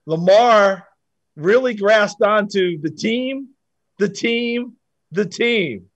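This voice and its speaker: Brief: male interviewer, slow and easygoing, short affirmations; dry close sound. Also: sits high, no echo, dull audio. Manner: unhurried, reacts with short affirmations. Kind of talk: conversational interview.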